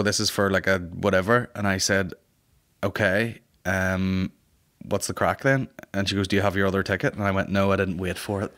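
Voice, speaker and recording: Comic host, young, low-pitched, crude, rambling anecdote style. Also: male voice. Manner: sweary, rambling, animated comic voices. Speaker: podcast host. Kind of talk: casual comedic storytelling.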